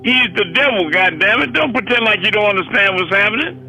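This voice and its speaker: A man's voice: high-pitched, lively intonation, quick pace, gravelly, pushed and bright, husky, soft background music, poor audio. A man preaching a fiery sermon, swearing freely and hammering rhetorical questions. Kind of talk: impassioned sermon.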